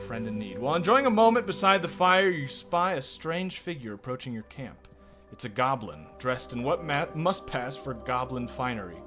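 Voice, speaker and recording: With game music behind him, a male streamer reads card text and rambles on profanely. His mid-range voice is very animated and moves at normal speed.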